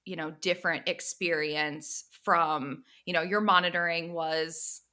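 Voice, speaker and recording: A woman hosting a podcast asks long, winding questions, filling them with hedges and fillers. Her voice is bright and forward, with a slightly low pitch. She leaves plenty of room for her guest to answer. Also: steady tone, a little slow. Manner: rambling, hedging questions full of fillers. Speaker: podcast co-host. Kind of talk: casual interview questions.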